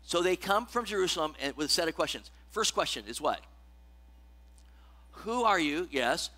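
Here a male pastor talks a little fast in a sharp, highish voice with lively intonation. His sermon feels conversational, with frequent check-ins with the congregation and scripture read with mounting emphasis.

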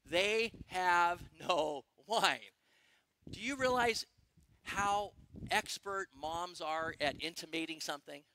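A middle-aged male pastor preaching a sermon, excitable and animated, firing questions at the congregation. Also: high-pitched. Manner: excitable, quick bursts, asks the congregation questions.

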